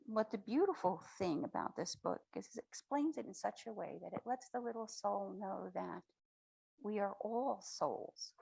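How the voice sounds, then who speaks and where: A woman speaker giving a spiritual talk at a spiritual center, retelling a story in a slow, reflective, affirming way. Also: medium pitch, gravelly, darkish tone, husky, rough recording. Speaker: guest speaker.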